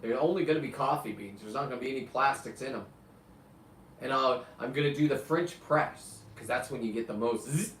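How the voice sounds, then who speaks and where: A man's voice: mid-range voice, fairly quick, a bit bright, slight background noise. Fifty-something guy rambling on his live stream, blunt and cussing, sounds roomy and a bit far from the mic. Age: 50s. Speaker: live show host. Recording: roomy, distant mic, faint ambience.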